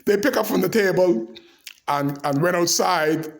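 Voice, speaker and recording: A man telling animated, laugh-filled anecdotes to the camera in a casual way. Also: high voice, normal speed, creaky. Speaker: storyteller.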